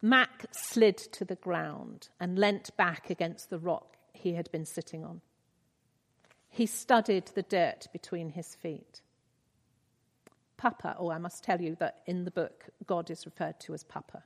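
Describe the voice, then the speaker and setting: Donna che legge un brano in un sermone, calma e seria, con lungo riverbero di sala. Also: female voice, fairly low pitch, gravelly. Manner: earnest, measured storytelling. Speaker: speaker giving a devotional talk. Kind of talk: sermon with read-aloud book passage. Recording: reverberant hall.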